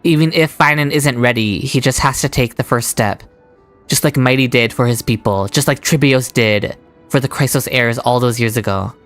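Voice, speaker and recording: Low-voiced, emotional woman game streamer. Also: moderate pace, soft background music. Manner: emotional, reactive, swears. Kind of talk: casual gameplay commentary.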